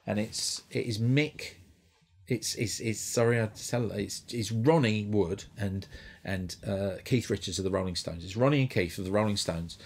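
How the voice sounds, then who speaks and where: Husky-voiced comedian telling a rambling story. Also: male voice, on the low side, moderate pace, darkish tone. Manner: rambling, profane, full of restarts. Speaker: stand-up comedian. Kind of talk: stand-up storytelling. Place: comedy club stage.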